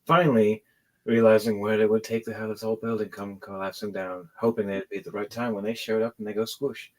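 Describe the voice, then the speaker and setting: A man voicing a metal robot servant who talks of humans with cold disdain, in a low, quiet, flat way in a tabletop game. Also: fairly quick, lightly acted, poor audio. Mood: coldly blunt.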